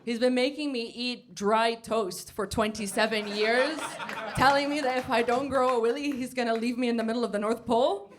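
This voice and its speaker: Woman stand-up, fairly high voice, brash and sarcastic, swears a lot. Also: normal speed, a little hiss or hum. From United States. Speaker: stand-up comedian. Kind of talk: stand-up comedy set. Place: basement comedy club before a live audience.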